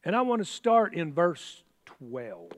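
A man's voice: a little high, huge pitch swings, slow, long reverb tail. A man preaching a sermon in a folksy, exclamatory way, with chatty asides. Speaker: pastor.

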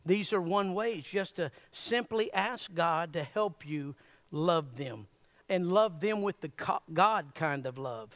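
A man preaching a sermon in a church, folksy and animated, chuckling often as he addresses the congregation. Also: high-pitched, takes it slowly. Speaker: pastor.

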